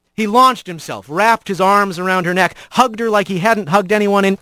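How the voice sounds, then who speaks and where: A man narrating fiction in a dramatic, expressive audiobook reading. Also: high voice, normal speed, few pauses, clean tone, no room sound, clean studio sound.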